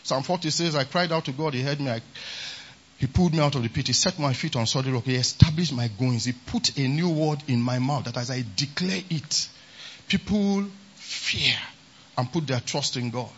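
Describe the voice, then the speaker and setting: A man's voice: mid-range voice, normal speed, breathy edge, dull audio. A man preaching a sermon at a conference, emphatic and often repeating a refrain of praise. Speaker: pastor. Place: large conference hall.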